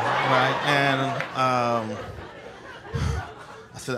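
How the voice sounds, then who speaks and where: A man doing a stand-up set on a club stage, telling stories with animated acted-out voices into a handheld mic. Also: mid-range voice, a little slow, long pauses. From Chicago. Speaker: stand-up comedian. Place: comedy club stage before a live audience. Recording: live club recording with crowd and noise. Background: audience laughter.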